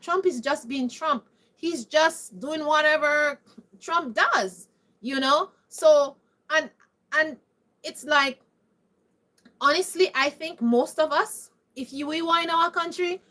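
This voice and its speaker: High-voiced woman. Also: slow, sharp tone. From Caribbean. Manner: emphatic, preachy, repeated rhetorical questions. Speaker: vlogger. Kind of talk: opinionated monologue to camera.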